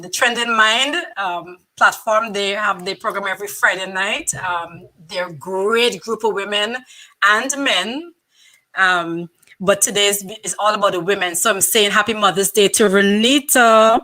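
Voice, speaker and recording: Woman, co-host, live stream chat, upbeat shout-outs, fillers, bright tone. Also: medium pitch, unhurried.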